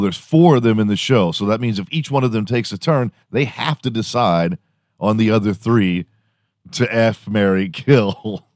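Low-voiced man, rambling comic storyteller. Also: darkish tone, no echo, clean studio sound. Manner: profane, storytelling, laughs often. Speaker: podcast host. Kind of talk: rambling comedic monologue.

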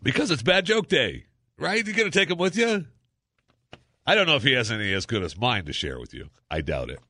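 A man's voice: medium pitch, brisk, no room sound, clean studio sound. A man hosting a talk radio show, joking around in a casual monologue with lots of fillers. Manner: jokey, animated, lots of fillers. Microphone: studio microphone.

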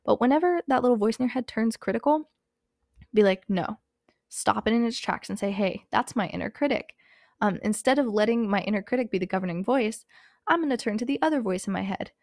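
Brisk and a little mellow, a young woman's fairly high voice carries her podcast of casual, candid motivational talk. She's of Hispanic background with no country given, says "like" and "um" constantly, and sounds dry and studio-quality.

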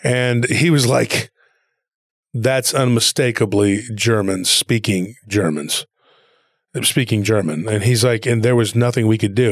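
A man's voice: medium pitch, no echo, clean studio sound. A man casually retelling a story he heard, rambling along with plenty of "he goes" and "he's like".

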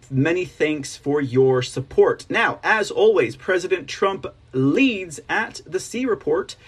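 A man's voice: high voice, slightly rough. A man hosting a political livestream news show, chatting casually, laughing often and reading viewer comments aloud.

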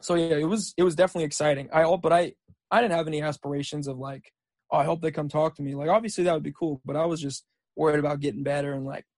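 Racing through his words in a slightly high, steady voice with no echo, a laid-back young man tells stories as a podcast guest. He plays junior college football and rambles casually, saying "dude" and "like" a lot.

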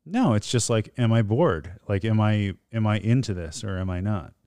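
A man's voice: fairly low pitch, normal speed, dark tone, dry recording, studio quality. A man, guest on his wife's podcast, chatting in a rambling, self-mocking way with many fillers. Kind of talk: casual chat.

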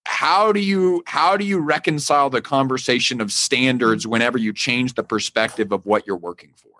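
A man hosting a faith-based leadership podcast. He is enthusiastic, laughs easily and thinks out loud as he builds his questions. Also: medium pitch, normal speed. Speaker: podcast host.

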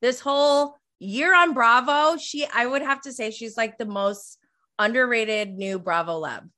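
Bright-voiced gushing woman podcast host. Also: a little high, unhurried. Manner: gushing, enthusiastic, giggly. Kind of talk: casual chat.

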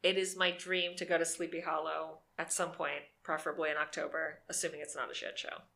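A woman co-hosting a podcast in casual chat, excitable and enthusiastic, swearing freely. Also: low-pitched, brisk, gravelly. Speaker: podcast co-host.

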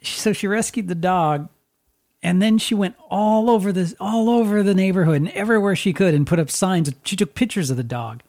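A man, a radio DJ hosting a podcast, talking in a reflective, halting way and acting out the people in his story. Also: high voice, darkish tone. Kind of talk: casual podcast conversation.

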